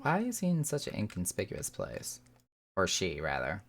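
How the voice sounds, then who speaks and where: Woman streamer, casual game chat, very deep voice, lively pitch. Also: moderate pace. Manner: offhand, joking.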